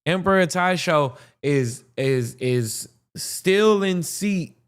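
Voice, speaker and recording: A man's voice: on the high side, expressive, slow pace, clear, resonant tone. A man hosting a podcast, reacting to a history video in casual, profane commentary, thinking aloud with restarts.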